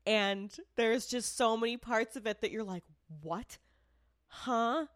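With a fairly high and fairly even voice at normal speed, recorded without echo, this podcast co-host discusses true crime casually. She's frank and indignant, laughs and swears a lot, and comes from outside the area where the show is produced.

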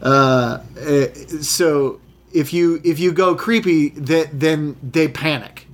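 A man's voice: a little high, takes it slowly. A man who works as an actor, chatting casually and telling stories with lots of restarts. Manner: rambling, restarts, animated storytelling. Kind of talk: casual podcast chat.

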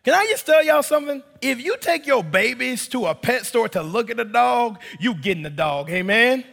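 A man's voice: extremely high pitch, lively intonation, moderate pace, vocal fry, fairly bright tone, big-room sound. A man in his thirties preaching a sermon in church, telling a story animatedly and addressing the congregation as y'all. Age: 30s. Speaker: pastor.

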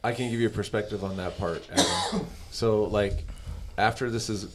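A man's voice: fairly low pitch, moderate pace, very noisy. A middle-aged man hosting a podcast, telling stories in a rambling, casual way. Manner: rambling storyteller. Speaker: podcast host. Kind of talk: casual conversation.

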